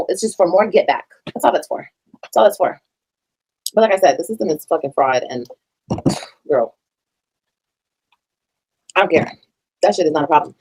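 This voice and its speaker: A woman's voice: fairly low pitch, expressive, moderate pace, long pauses, darkish tone, husky, rough recording. A woman reacting to a recording, blunt, profane and emphatic in her commentary. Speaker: reaction streamer.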